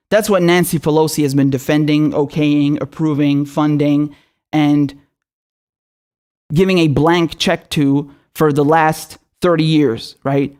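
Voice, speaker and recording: A man who is a political commentator, delivering an angry and profane rant full of rhetorical questions. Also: fairly high pitch. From Syria.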